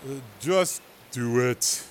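A man's voice: fairly low pitch, slight background noise. A man doing a weary, patient partner. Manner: soft, weary, slow.

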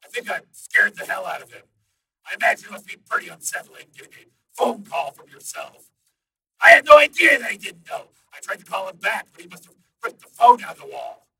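A male narrator voicing a computer intelligence that talks like a man on the phone, calm and a little smug. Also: high-pitched, fairly quick, gravelly, distant mic, noisy background, pitched above the performer's own voice, full character voice.

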